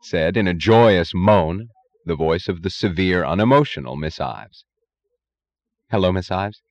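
A man narrating an audiobook in a measured, expressive way, in a dull, lo-fi recording. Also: sits low, no room sound. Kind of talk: scripted narration.

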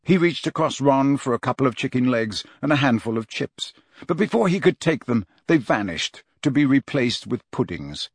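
A man narrates a story in a steady, measured way, at a middle pitch. The booth recording is dry and close. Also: slightly rough, no room sound. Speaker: audiobook narrator. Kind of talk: scripted narration.

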